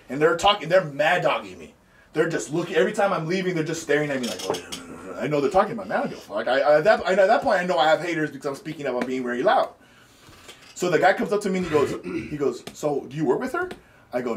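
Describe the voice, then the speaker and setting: A man hosting a podcast, telling a story in an animated, profane, casual way. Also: fairly high pitch, roomy sound, far from the mic, slight background noise. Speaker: podcast host.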